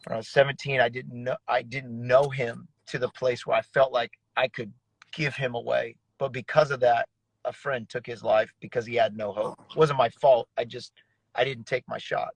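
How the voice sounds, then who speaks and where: A man's voice: mid-range voice, level tone, moderate pace, gravelly, husky, dry recording, poor audio. A man in his thirties, a pastor, telling his story in an earnest, emotional way with frequent restarts. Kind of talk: conversational testimony in an interview.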